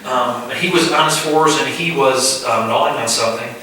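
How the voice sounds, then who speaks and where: A man preaching at a house church, telling a dream story in vivid first person with halting restarts. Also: medium pitch, sharp tone, slight background noise. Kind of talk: conversational sermon storytelling. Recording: echoey room, distant mic.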